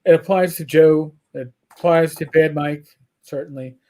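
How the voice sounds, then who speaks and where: A man's voice: fairly high pitch, fairly even intonation, moderate pace, a little mellow. A man with a New York accent hosting a casual livestream chat, talking bluntly and profanely, rambling with restarts. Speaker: podcast host.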